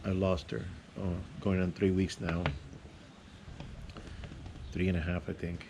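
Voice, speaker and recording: A man telling a personal story in a casual, rambling way, with halting restarts and fillers. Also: sits low, little pitch movement, vocal fry, background noise. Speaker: vlogger.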